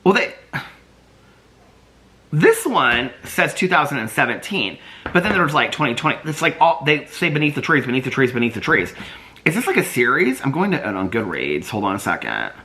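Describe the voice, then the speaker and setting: A middle-aged man vlogging casually, excitable and chatty, laughing often and using lots of fillers. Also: mid-range voice, moderate pace, a little hiss or hum. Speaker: vlogger reviewing a graphic novel. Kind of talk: casual chat.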